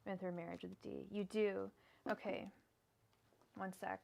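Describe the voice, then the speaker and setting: A woman's voice: mid-range voice, level tone, measured pace, gravelly, pauses often, very noisy. A young adult woman doing a casual live-stream tarot reading, who murmurs repeated card invocations and rants heatedly. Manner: casual, swears, calls viewers girl. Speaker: tarot reader.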